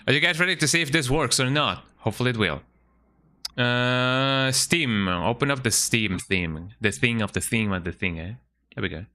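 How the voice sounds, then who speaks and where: On his game stream, a man talks casually at a normal pace, his mid-range voice carrying a sharp tone. He often closes lines with "eh?" and murmurs to himself while going through setup steps aloud.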